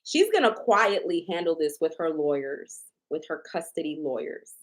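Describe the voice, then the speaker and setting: A woman talks through a tarot reading in a loose, casual way. Her pitch moves around a lot. She leans on repetition and swearing to make her points hit hard. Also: animated, normal speed. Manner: emphatic, repetitive, profane. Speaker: tarot reader.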